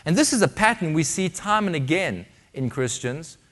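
Male preacher, slightly high voice, dramatic sermon delivery with loud and hushed swings. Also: expressive, normal speed. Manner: dramatic, shifting from loud emphasis to hushed tones.

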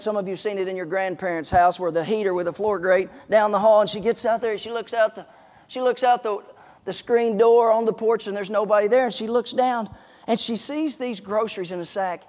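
A man's voice: high voice, fairly even intonation, a little fast, a little mellow. A man in his forties preaching a sermon, telling a story and stressing points emphatically. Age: 40s. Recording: long reverb in a large hall.

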